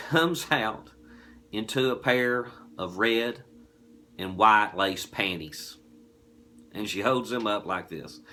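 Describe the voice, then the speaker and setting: A man in his forties with a Southern US accent, telling a folksy, animated anecdote. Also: medium pitch, slight background noise. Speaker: distillery promoter. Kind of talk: casual anecdote.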